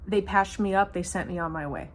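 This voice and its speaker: A woman's voice: mid-range voice, a little fast. A woman vlogger telling a personal story in casual, rambling speech, slipping in humor and nervous laughs as she goes. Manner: rambling, many fillers and restarts.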